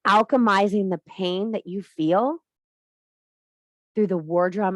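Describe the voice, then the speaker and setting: A woman's voice: mid-range voice, slow pace, pauses often, dry recording. A woman giving a blunt, emphatic spiritual talk to the viewer, swearing freely and lecturing. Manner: preachy, addresses viewer directly. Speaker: spiritual teacher. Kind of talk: spiritual monologue to camera.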